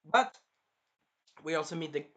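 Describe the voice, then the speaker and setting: A man in his early twenties giving a rambling, casual movie review, jumping between topics with sudden loud outbursts. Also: fairly high pitch, animated, measured pace. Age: early 20s. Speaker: film reviewer.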